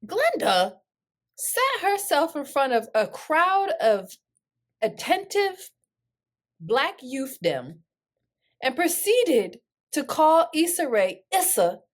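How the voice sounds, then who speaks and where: Animated woman podcast co-host. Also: sits high, slow pace. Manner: animated storyteller, dramatic voice changes. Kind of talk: casual pop culture chat.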